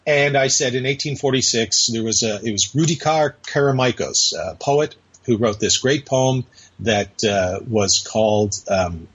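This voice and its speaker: Chatting as a podcast guest, a man with a slightly rough, medium-pitched voice takes a measured pace. His long anecdote wanders, with many hesitations, and the lo-fi audio sounds dull in this casual storytelling conversation.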